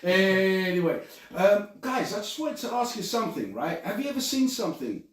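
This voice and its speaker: A man's voice: sits high, sing-song, moderate pace, recorded from a distance. A man hosting a casual chat podcast, blunt, swearing freely and laughing often. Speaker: podcast host. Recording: echoey room, away from the mic.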